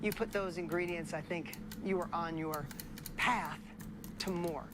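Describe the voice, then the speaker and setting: A woman's voice: fairly low pitch, unhurried, background noise. A woman giving a motivational seminar speech, preachy, repeating key phrases and asking the audience questions. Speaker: motivational speaker.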